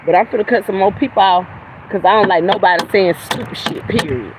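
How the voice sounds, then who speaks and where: A woman hosts a livestream from outside by a road, her voice set against clear traffic noise. She rants in a heated, profane, confrontational way. Her delivery lurches between loud outbursts and quiet mutters. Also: medium pitch, fairly quick, rough recording. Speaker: livestream host. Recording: outdoor traffic noise behind voice.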